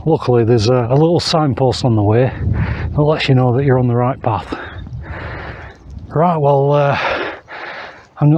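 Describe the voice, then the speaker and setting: A man with an English accent filming himself while hiking uphill on open moorland, a bit out of breath, talking in a steady, unhurried way with frequent fillers. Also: mid-range voice. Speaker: hiking vlogger. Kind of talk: casual walking commentary to camera. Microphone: handheld camera.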